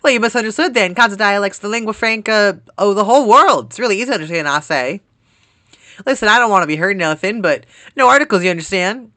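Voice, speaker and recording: A brash male writer with a put-on country drawl, as a streamer voices him, loud and cocky, with a bright, sharp edge and the pitch pushed well above his usual talk. The lines come fast and folksy, read from a game. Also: animated, no echo. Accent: put-on American country accent. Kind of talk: reading game dialogue aloud with voices.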